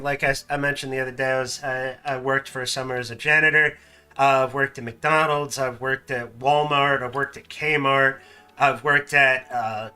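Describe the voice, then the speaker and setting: A man hosting a casual stream, telling animated stories and laughing often. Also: medium pitch, clear, resonant tone. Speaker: streamer host. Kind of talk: casual chat.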